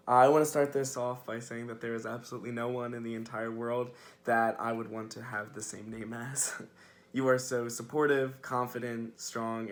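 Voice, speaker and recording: Young male first-year student, earnest read farewell, flat even intonation. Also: mid-range voice. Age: young adult. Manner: earnest, heartfelt.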